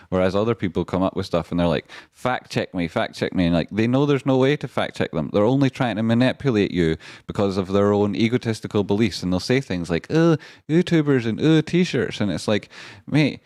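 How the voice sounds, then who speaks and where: A man hosting a live stream in a rambling, excitable way, swearing now and then and swinging between grumbling and hype. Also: low-pitched, dry recording, clean studio sound. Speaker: stand-in livestream host. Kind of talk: casual live-stream chat.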